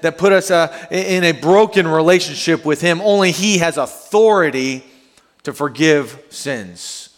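A male pastor preaching a sermon to a congregation in a conversational, animated way. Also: fairly high pitch. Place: church sanctuary. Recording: long hall reverb.

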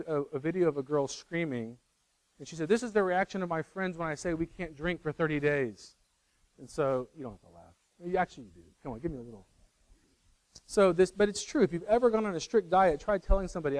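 A man's voice: on the high side, a little mellow, dry recording, rough recording. A middle-aged man preaching a sermon in a conversational way, correcting himself and teasing the congregation.

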